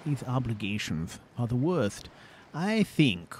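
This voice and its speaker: Speaking slowly but very animatedly in a mid-range voice, a gameplay narrator plays his character, a fussy, bookish male adventurer who uses prim, formal language and mutters complaints during play. The mood is exasperated, with a little hiss or hum in the audio.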